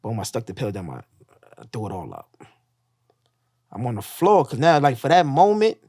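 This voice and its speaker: A man's voice: medium pitch, wildly swooping pitch, normal speed, a little mellow, no echo, studio quality. A man casually telling a raw personal story, profane, acting out the voices he quotes. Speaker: guest telling his story.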